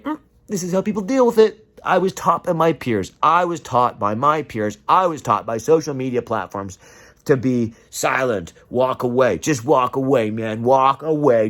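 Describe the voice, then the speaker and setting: A man's voice: mid-range voice, a bit bright. A man delivering an emotional, profane rant straight to camera and acting out the voices of the people he quotes. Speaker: vlogger.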